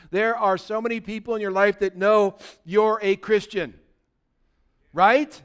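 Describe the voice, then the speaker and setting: A man's voice: high voice, steady tone, normal speed, smooth. A male pastor, preaching a conversational sermon and calling out to his congregation. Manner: exhorting, conversational, calls out to congregation.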